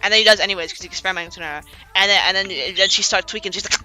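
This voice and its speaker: A woman's voice: mid-range voice, very fast, sharp tone. A woman streamer casually retelling a story, rambling with many restarts and acting out the characters' lines. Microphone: desk streaming mic. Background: faint pop music.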